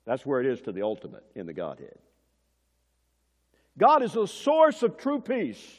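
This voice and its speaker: Preacher with a lively, ringing pitch. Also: male voice, moderate pace. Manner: dramatic swings from loud emphasis to hushed; teacherly, asks the congregation questions. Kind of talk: sermon. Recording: dull sound, long church reverb.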